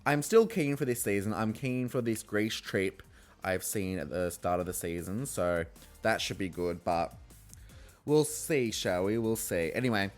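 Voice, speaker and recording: A young man hosting a podcast, giving a casual, exasperated recap, swearing freely and acting out his own reactions. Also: lowish voice. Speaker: podcast host.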